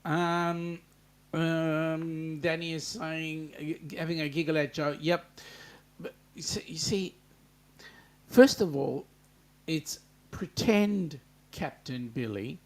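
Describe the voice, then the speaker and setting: A man's voice: fairly high pitch, fairly even intonation, slow, pauses often. An Australian man hosting a casual livestream, chatting loosely with lots of ums and greeting viewers by name. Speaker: livestream host. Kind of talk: casual live-chat greetings.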